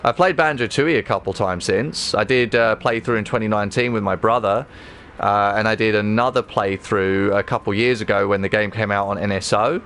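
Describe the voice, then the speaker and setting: A man streaming himself playing a game, chatting casually to viewers with rambling, excitable talk and frequent swearing. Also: on the low side, fairly quick. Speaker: livestreamer. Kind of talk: casual gameplay livestream chat.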